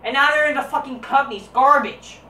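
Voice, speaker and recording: A woman vlogger reviews wrestling in a high, bright, forceful voice, speaking briskly with slight background noise. Recorded distant from the mic with roomy echo, she rants crudely, swearing constantly in a dismissive, combative way.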